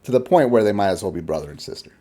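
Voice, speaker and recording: Man commentator, low mellow voice, lively swings, blunt rambling reactions. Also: rapid-fire.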